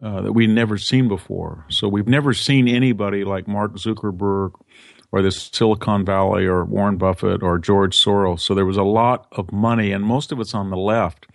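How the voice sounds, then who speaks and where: A man's voice: fairly low pitch, steady tone, moderate pace, vocal fry, no echo, clean studio sound. A man, an interview guest, giving political commentary in a conversational way with restarts and quoted asides.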